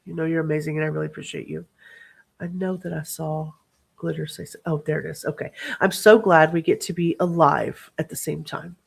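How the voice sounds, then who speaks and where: A woman's voice: low voice, steady tone, fairly quick, vocal fry, husky. A woman hosting a casual livestream, reading out viewer names and thanking them in a bubbly, chatty way with asides as she scrolls through comments. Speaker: livestream host.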